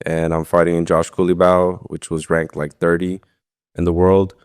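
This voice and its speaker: A man's voice: low voice, little pitch movement, moderate pace, smooth. A young man, a fighter, telling his story in a casual interview, rambling with lots of fillers and swearing freely. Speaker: guest, professional MMA fighter.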